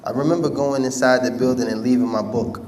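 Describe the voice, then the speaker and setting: A man's voice: mid-range voice, fairly even intonation, fast, a little mellow. A man telling his life story to an audience in casual, conversational speech with street slang. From United States. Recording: distant mic with faint background noise.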